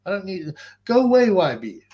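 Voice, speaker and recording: A man's voice: high-pitched, sing-song, moderate pace, dark tone. A man hosting a live boxing chat stream, ranting in a mocking, abrasive, rambling way. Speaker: boxing livestream host.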